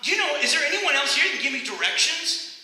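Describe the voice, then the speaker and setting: A man's voice: very high voice, very animated, fast talker, sharp tone, far from the mic, voice pushed up, exaggerated voice. A preacher doing a bossy lost businessman. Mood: impatient. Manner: demanding, exasperated. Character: impatient lost businessman, older man, bossy. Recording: echoey hall, faint hiss.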